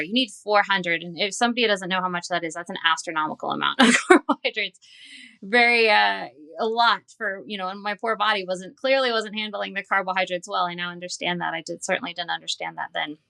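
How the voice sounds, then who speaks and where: This interview guest, a dietitian in her forties, speaks briskly in a mid-range voice that is creaky yet pushed and bright. She tells her own story earnestly and candidly, recounting events through quoted dialogue.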